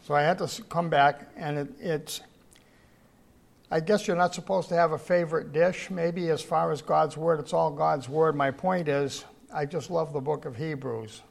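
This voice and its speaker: A man teaching a Bible study to a gathered group in an informal sermon. He tells stories in a rambling way with many restarts, and reads scripture slowly and with emphasis. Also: a little high, gravelly. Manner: slow, emphatic scripture reading. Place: church gathering, in person.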